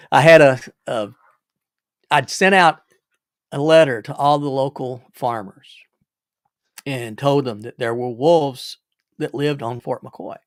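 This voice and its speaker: Gravelly older man telling stories. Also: mid-range voice, dry recording, clean studio sound. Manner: rambling, repeats words, chuckles. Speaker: livestream host. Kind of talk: casual storytelling.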